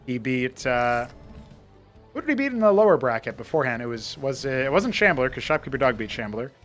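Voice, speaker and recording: A man casting a strategy-game match live, mixing quick play-by-play with rambling trivia asides. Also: medium pitch, very animated, a bit bright, faint music behind. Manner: chatty play-by-play that wanders into trivia. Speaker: esports caster and show host.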